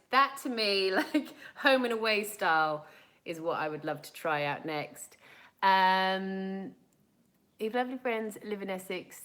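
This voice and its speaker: A woman in her thirties from South Africa, chatting casually as she answers viewers' questions live, with lots of fillers and quick laughs. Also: on the low side, a bit bright, rough recording.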